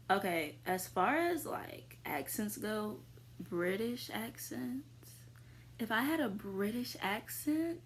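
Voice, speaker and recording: A young woman chats casually to her viewers in a relaxed, unhurried way, her pitch sitting in an ordinary middle range. She leans on fillers as she rambles through her answers, now and then jumping into a sudden excited squeal. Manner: chatty, filler-heavy, with sudden high squeals. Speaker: vlogger answering viewer questions. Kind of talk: casual chat.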